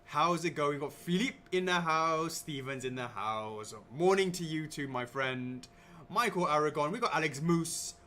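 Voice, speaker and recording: A man's voice: on the high side, expressive, moderate pace, bright, forceful tone, slight background noise. A man co-hosting a live stream, upbeat and cheery, rattling off greetings to viewers by name in casual chat. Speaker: livestream co-host.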